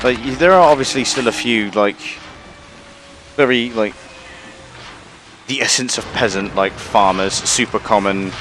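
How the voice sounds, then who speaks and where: A man's voice: lowish voice, a little slow, pauses often, music in the background. Rambling man streaming a game. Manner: rambling, swears casually. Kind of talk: casual gameplay chat.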